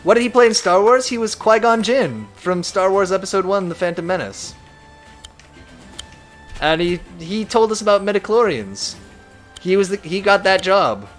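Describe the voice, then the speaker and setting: A man's voice: high voice, normal speed, soft background music. A man live-streaming a strategy game, chatting casually and reading viewer messages aloud. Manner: reads chat aloud, chatty and animated.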